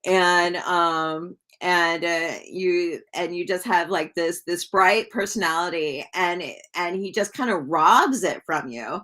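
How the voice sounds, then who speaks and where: A woman's voice: lowish voice, takes it slowly, hardly any pauses, fairly bright tone. A woman doing a live tarot reading, talking casually and rambling with many fillers, chatting to viewers as she reads. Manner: greets viewers by name while reading. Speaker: tarot reader.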